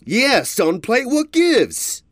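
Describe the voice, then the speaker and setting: A man's voice: extremely high pitch, huge pitch swings, extremely slow, fairly bright tone, no echo, pitched above the performer's own voice, full character voice. A brutish bully stallion, sneering and threatening with a raised, barking voice, as a man acts him out. He mocks as he pushes. The sound is dry and close. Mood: mocking.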